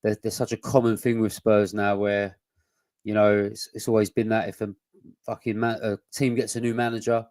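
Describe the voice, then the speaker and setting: A man's voice: on the low side, flat delivery, normal speed, darkish tone, dry recording. A man, co-hosting a casual football podcast, blunt and sweary with rambling restarts. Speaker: podcast co-host.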